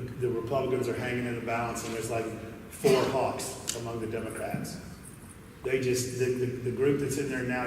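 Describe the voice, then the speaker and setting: Speaking at a conference in a big hall, a folksy, storytelling man grows animated as he delivers his joke. His voice is medium in pitch, captured from far away with echoing acoustics and a bit of hiss or hum.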